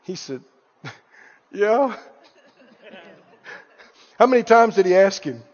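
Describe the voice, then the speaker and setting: A man preaches with a very high, lively voice, acting out Bible dialogue and chuckling as he goes. The sound is dull and rings with long reverb in a large hall. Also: fairly quick. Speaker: pastor. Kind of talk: sermon.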